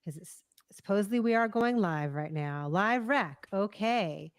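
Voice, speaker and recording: A woman's voice: medium pitch, animated, a little slow, clear, resonant tone, no room sound, studio quality. A woman co-hosting a live movie news stream, chatting casually and greeting viewers by name, with frequent ums.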